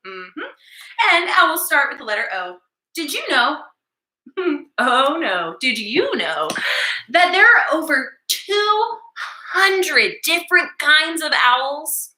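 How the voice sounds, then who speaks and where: Lively, bright-voiced preschool teacher woman. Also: a little high, unhurried, reverberant. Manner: animated, sing-song, playful with children. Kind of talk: virtual circle time lesson for young children.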